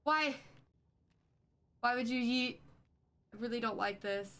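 A woman's voice: a little high, unhurried, heavy background noise. A young woman streaming a horror game live, who screams, swears and jokes her way through the scares.

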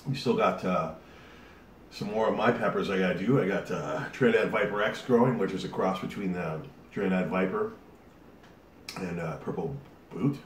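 A man's voice: low-pitched, moderate pace, far from the mic. A man hosting his own video channel, chatting casually to the camera with a lot of fillers while he sweats from a hot pepper. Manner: rambling, chatty, with many fillers. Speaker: YouTube host. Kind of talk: casual vlog talk to camera. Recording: roomy echo, off-mic, faint hiss.

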